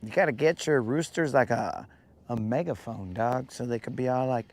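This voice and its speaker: A man chats casually on his outdoor fishing livestream from a lake, calling out viewers by name and cracking slangy jokes. He talks at a moderate pace in a medium-pitched voice.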